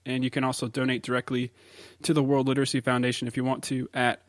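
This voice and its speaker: A man's voice: mid-range voice, completely flat delivery, fast talker, no echo. Dry-sounding man co-hosting a casual podcast. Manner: reads headlines aloud, laughs easily. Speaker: podcast co-host.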